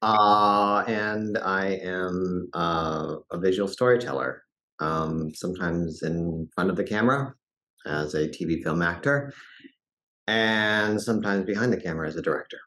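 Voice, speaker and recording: Low, slow-talking man from Colorado with a groggy morning voice; halting, reflective interview guest. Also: bright, forceful tone. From Fort Collins, Colorado, USA. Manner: halting, many fillers and restarts. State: early morning voice, lower than usual. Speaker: guest, actor and director. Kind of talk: casual interview storytelling.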